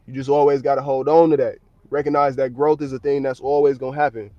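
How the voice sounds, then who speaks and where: A man's voice: medium pitch, little pitch movement, quick pace, no room sound, lo-fi sound. An American man livestreaming from his parked car at work, chatting casually in a blunt, slang-heavy, profane way. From United States.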